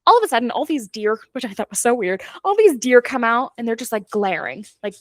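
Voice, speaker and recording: A woman's voice: fairly high pitch, fairly quick, dry recording. A woman hosting a book club podcast, casually retelling the plot with laughs and acted-out lines. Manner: animated, laughing, acting out characters' lines.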